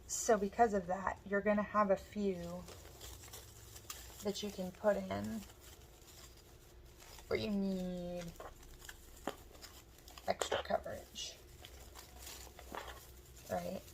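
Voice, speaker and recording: A woman with a hoarse voice, casually explaining step by step how she makes a wreath as she works. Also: medium pitch, level tone, very slow, pauses often, slight background noise, rough recording. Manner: chatty, talks while working with her hands. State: hoarse, losing her voice. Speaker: craft tutorial host. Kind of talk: step-by-step crafting instruction.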